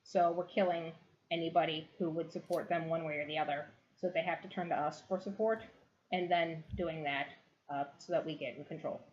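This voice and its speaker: A woman's voice: deep voice, steady tone, a little fast, a little mellow. Woman game master, giggly, rambling, fillers, dull lo-fi audio, faint background noise. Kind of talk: narrating a tabletop game. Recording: dull lo-fi recording.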